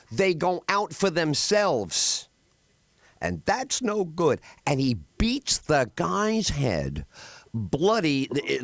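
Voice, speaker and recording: A man hosting a radio talk show, telling film scenes with animated delivery. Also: a little high, no room sound. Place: radio studio.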